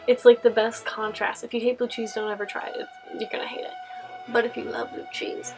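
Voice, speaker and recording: A woman's voice: fairly high pitch, flat delivery, fairly quick, loud music behind the voice, low-quality recording. A young woman from California answering Q&A questions in a casual vlog, rambling with lots of fillers and laughs. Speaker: costume vlogger.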